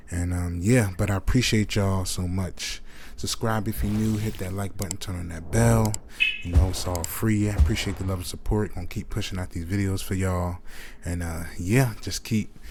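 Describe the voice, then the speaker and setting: Deep-voiced man signing off casually. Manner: relaxed, chatty sign-off. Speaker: video host. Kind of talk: casual video outro. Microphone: handheld mic.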